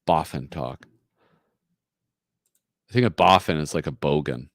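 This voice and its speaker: A man hosting a live stream, reading comics aloud in an animated, joking way and laughing often. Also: a bass voice, a little slow, no echo, clean studio sound. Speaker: host.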